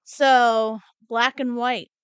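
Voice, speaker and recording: Slow-talking woman podcast co-host. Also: a little high, smooth, dry recording. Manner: relaxed, chatty, lots of "like" and "mm-hmm". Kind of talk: casual chat.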